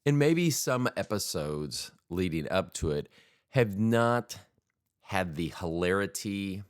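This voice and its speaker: A man's voice: low voice, expressive, slow pace, clear, resonant tone. A man hosting a podcast in a casual comic monologue, rambling, self-deprecating and crude. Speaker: podcast host. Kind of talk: casual solo comedic monologue.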